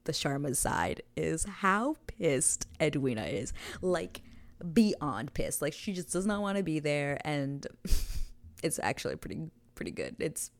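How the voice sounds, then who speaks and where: Low-voiced gushing woman with vocal fry. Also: no room sound. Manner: gushing, chatty, drops into whispers. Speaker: show recap host. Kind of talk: casual TV recap chat.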